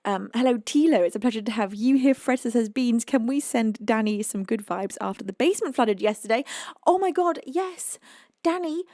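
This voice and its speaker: A chatty British woman hosting a live music stream from home, reading viewers' messages aloud with frequent exclamations. Her voice carries a gravelly, creaky edge. The sound is dry and close, with little room echo. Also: fairly high pitch, expressive, moderate pace, mellow. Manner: chatty, exclaims often, reads chat aloud. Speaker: livestream music host. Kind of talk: casual chat with viewers.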